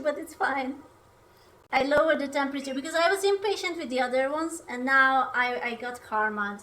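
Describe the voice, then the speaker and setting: A woman's voice: high voice, normal speed, pushed and bright, slight background noise. A young woman from Hungary, chatting casually on a livestream while she cooks, playful and self-mocking. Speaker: streamer.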